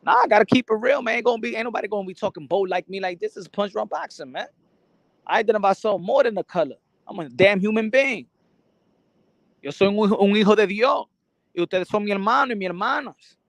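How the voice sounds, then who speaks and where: On his boxing channel, a man rants to the camera with an animated, high voice at a quick pace. His talk is rambling and full of cursing, he stammers and repeats words, and Spanish phrases creep in. No echo is present.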